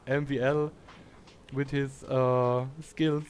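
A man's voice: a little high, a little slow, clear, resonant tone. A man, chatting casually while streaming a game and greeting viewers, often laughing. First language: German. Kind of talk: casual gameplay commentary.

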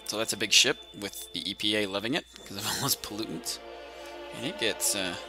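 A man's voice: lowish voice, fairly quick, pushed and bright. A man hosting a let's-play, thinking aloud as he plays and easily amused by what he finds. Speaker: gaming channel host. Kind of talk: let's-play game commentary. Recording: game music playing clearly behind. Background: game soundtrack music.

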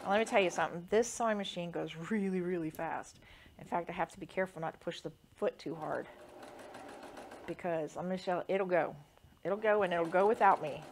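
A woman's voice: lowish voice, slight background noise. A woman quilter chatting casually through a sewing demonstration, rambling with lots of fillers.

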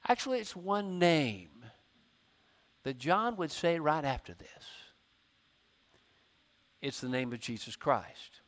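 A man preaches to his church. He tells a story from his own life and acts out his inner voice in the quoted lines, rising loud and high and then dropping low. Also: expressive, slow pace, pauses often. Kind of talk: sermon.

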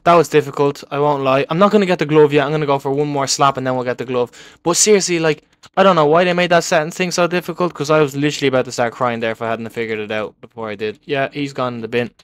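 Excitable young guy doing game commentary, kinda high voice, dry close mic, keeps going "dude dude dude". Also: fast, smooth, no room sound. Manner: excitable, repeats words in bursts, talks to rivals. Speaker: gaming video creator. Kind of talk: live gameplay commentary.

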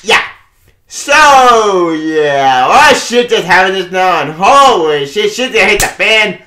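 Male comic reviewer, high animated voice, loud excitable delivery full of curses, roomy echo. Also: slow pace, a little hiss or hum. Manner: excitable, swears a lot, laughs often. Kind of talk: casual spoken review.

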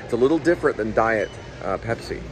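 A man's voice: on the low side, animated, fast talker, music in the background. A man hosting a vlog, chatting casually and rambling with joking asides while he samples food in a large store. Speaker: vlog host.

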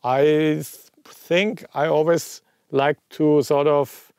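A man's voice: a little high, flat delivery, slow, a little mellow, clean tone, no echo, studio quality. A man with a German accent hosting a casual chat, joking and chatty. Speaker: host.

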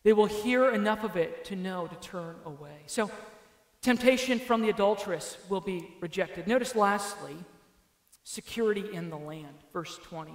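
High-voiced preaching man in echoey hall. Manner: emphatic preaching, rising and dropping for emphasis. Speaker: pastor. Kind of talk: sermon. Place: church sanctuary. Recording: echoey church hall with long reverb.

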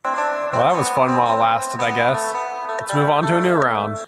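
A man giving gameplay commentary, excitable and swearing, yelling at enemies in mock rage. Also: medium pitch, normal speed, over loud music. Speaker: gaming YouTuber.

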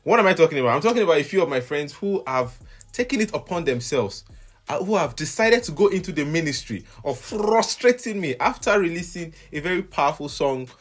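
A man's voice: fairly high pitch, lively intonation, fairly quick. A young adult man and music minister hosting his own vlog, animatedly lamenting with exasperated laughter. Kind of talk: casual vlog reaction.

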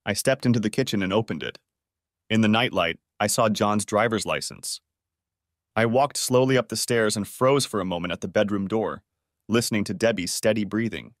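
A man's voice: on the low side, moderate pace, no room sound. Man narrating a story in a dry room. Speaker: audiobook narrator. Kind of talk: first-person story narration.

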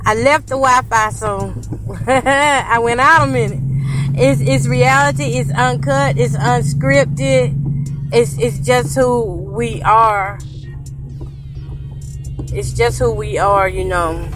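Older woman, North Carolina country accent, folksy vlog chat, somewhat high voice, soft music behind. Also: takes it slowly. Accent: Southern US, North Carolina. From North Carolina, USA. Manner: chatty, folksy, country talk with y'all. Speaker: vlogger, grandmother. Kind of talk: casual unscripted vlog chat. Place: in her car during a rainy storm.

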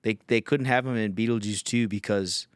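A man's voice: fairly low pitch, fairly even intonation, normal speed, clean tone, no echo, studio quality. A young man hosting a podcast, telling a rambling, profane story in casual chat. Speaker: podcast host.

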